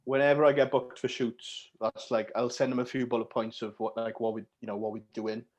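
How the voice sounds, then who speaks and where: A man's voice: mid-range voice, little pitch movement, fairly quick. A young man with a Yorkshire accent talks casually on a podcast. He swears freely and lets the ends of his sentences drop away to a mumble. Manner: swears freely, trails off quietly at phrase ends. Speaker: podcast guest, gym videographer.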